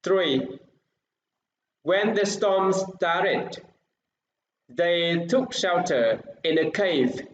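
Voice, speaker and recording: Slow, deliberate man teaching English. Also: high voice, animated, reverberant, dull audio. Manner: slow, deliberate reading of numbered answers. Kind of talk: reading answers in a recorded lesson.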